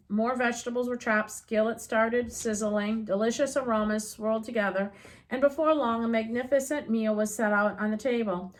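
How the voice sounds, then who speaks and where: A woman reading a children's novel aloud as an audiobook reader, unhurried and gently expressive. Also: a little high.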